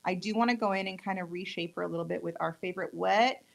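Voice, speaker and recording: Mexican-accented woman, nail tech host, chatty live demo, a bit of fry. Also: fairly low pitch, fast talker, poor audio. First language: Spanish. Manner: chatty, joking, playful asides. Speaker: nail tech demonstrating products. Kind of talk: casual live product demo.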